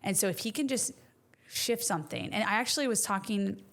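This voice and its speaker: Woman, co-host, thoughtful and casual, mid pitch, thinks aloud. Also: animated, brisk, creaky, fairly bright tone. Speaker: podcast co-host. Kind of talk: faith-based casual conversation.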